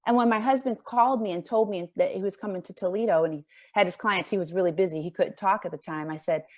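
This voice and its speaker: A woman in her fifties giving a guest speech, telling a personal story earnestly and emphatically, her voice climbing high as she presses rhetorical questions. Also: quick pace, darkish tone. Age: 50s. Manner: voice rises high when impassioned. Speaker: guest speaker.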